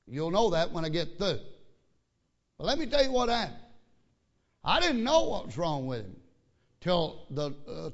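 A man's voice: sits high, lo-fi sound. A man pastor telling a story in a sermon, folksy and repetitive with stammering restarts. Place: church.

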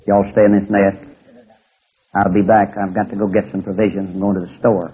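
A man voicing a wise, cautious mother eagle who gives soft, low motherly warnings. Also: little pitch movement, fairly quick, breathy edge. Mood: hushed. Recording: tinny phone-like recording.

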